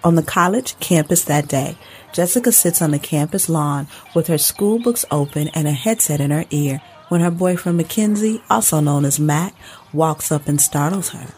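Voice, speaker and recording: A woman with a husky voice, reading scripted narration in a measured, descriptive way. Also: sits low, mellow.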